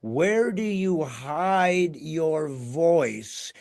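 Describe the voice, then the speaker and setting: A man hosting a podcast, asking excited, rambling questions about ventriloquism. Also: fairly high pitch, extremely slow, creaky. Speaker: podcast host and comedian. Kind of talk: casual podcast interview.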